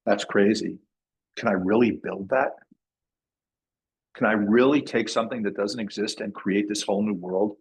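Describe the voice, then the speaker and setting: Low-voiced man giving a lecture. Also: fairly even intonation, normal speed, pauses often, poor audio. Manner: casual, repeats words and restarts phrases. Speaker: masterclass lecturer. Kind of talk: classroom lecture.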